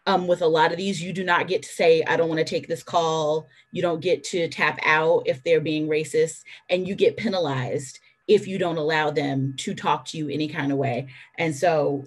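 A woman on a discussion panel who speaks candidly and in a storytelling way, with brisk asides. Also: low voice, steady tone. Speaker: phone sex worker on a panel.

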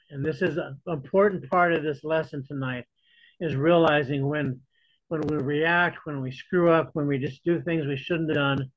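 A man's voice: a little high, no room sound. A man teaching a church Bible study in a conversational way, often repeating words as he restarts. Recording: dull lo-fi dry recording.

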